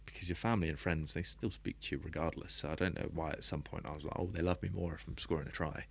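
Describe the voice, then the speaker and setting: Deep-voiced man talking openly. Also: fast, creaky, a little hiss or hum. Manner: reflective and open, with frequent soft laughs. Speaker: podcast guest, rugby player. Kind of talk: candid podcast conversation.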